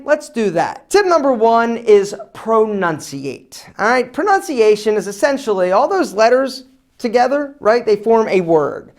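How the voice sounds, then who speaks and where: A male host giving casual advice straight to camera, talking in an energetic, emphatic and demonstrative way. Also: high voice. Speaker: men's style channel host.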